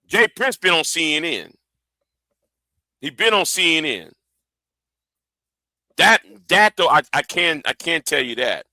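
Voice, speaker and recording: A man's voice: on the high side, animated, unhurried, long pauses, pushed and bright, no echo. A man hosting a livestream, ranting angrily and profanely, often repeating himself and stumbling over words. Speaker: livestream host. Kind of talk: heated livestream rant.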